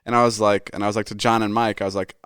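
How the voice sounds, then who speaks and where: A man in his twenties, a podcast host, telling a story in a casual, animated way with lots of swearing, acting out his friends' lines as he goes. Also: on the low side, rapid-fire, clean tone, no room sound, clean studio sound.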